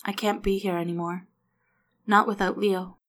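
A woman voicing a grieving widow who speaks softly and haltingly, with small restarts. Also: medium pitch, level tone, lightly acted. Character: grieving widow, soft-spoken adult woman.

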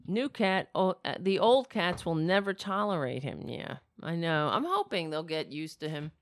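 A woman with a cracking, raspy voice, talking casually at home in a rambling, swearing vlog. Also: lowish voice, very animated, moderate pace, no echo, clean studio sound. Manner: swears freely, rambles and talks to her cats.

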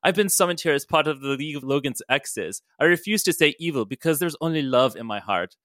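A man voicing a cheerful, gentle blue male mutant with a tail who sprinkles German words into his talk. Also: on the high side, animated, quick pace, dry recording, clean studio sound, pitched above the performer's own voice. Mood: genial.

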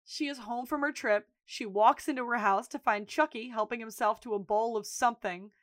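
A woman co-hosts a casual podcast, walking through scenes and acting out the characters' lines as she goes. Her voice sits a bit high, and the recording is dry and close with no room sound. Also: moderate pace, no room sound. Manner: animated retelling, acting out quotes. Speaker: podcast co-host recapping episodes. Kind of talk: casual chat.

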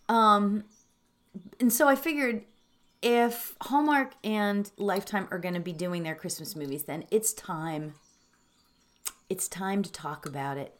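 A woman introducing a guided meditation, speaking earnestly and emotionally, halting and teary with soft laughs. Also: mid-range voice.

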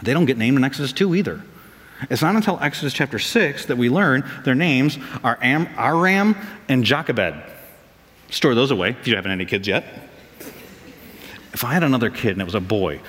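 A man preaching a sermon as pastor, lively and animated, acting out voices for comic effect. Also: mid-range voice, fairly quick. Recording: long reverb of a large hall.

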